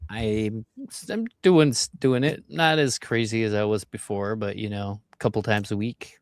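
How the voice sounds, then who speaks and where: A man's voice: fairly low pitch, measured pace, no room sound. A man, a stand-up comedian co-hosting a podcast, telling stories in casual, profane chat. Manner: relaxed, profane storytelling.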